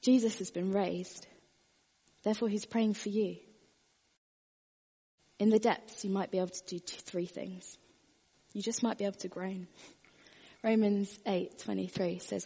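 Woman preacher, earnest sermon, husky voice, soft quiet passages, long hall reverb. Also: medium pitch, fairly even intonation, unhurried, pauses often.

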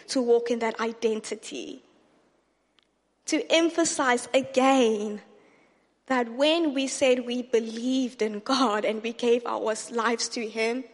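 A high-voiced woman preaches in an earnest, unhurried way and repeats key phrases for emphasis. Her voice rings with a long reverb. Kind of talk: sermon teaching.

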